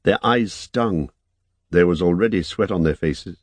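A man narrating an audiobook in a measured, even reading. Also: low voice, no room sound.

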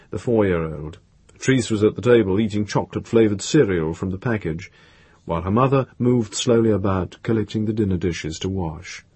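Low, husky male audiobook narrator. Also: darkish tone, dry recording.

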